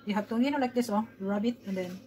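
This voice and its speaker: A woman's voice: medium pitch, quick pace, warm tone, a little hiss or hum, low-quality recording. A woman talking her daughter through baking pies in a home kitchen, chatty and coaxing. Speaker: home cook and mother. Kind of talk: casual cooking vlog.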